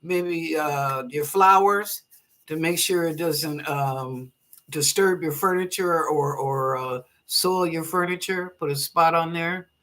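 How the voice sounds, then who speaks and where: A woman hosts a live psychic reading show in a crisp, bright voice. She reads each viewer's question aloud and answers in a relaxed, chatty way. She laughs easily and offers blessings to her callers. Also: sits low, takes it slowly. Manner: reads chat questions aloud then interprets them. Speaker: psychic reader and show host.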